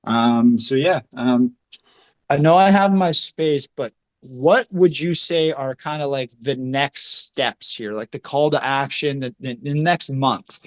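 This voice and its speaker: A man's voice: medium pitch, slow pace. A man hosting a casual talk, rambling with many fillers as he talks it through. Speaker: host. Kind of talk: casual chat.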